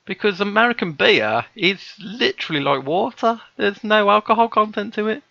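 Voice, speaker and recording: A British man hosting a live stream, chatting casually and bantering with dry, deadpan jokes. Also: sits high, normal speed, gravelly, no echo, muffled recording. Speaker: streamer host. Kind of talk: casual chat.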